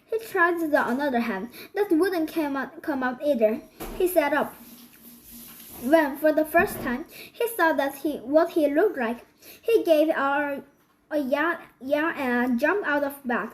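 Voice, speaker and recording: A woman reading a children's book aloud, halting and restarting often. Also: sits high, rough recording. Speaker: storybook reader.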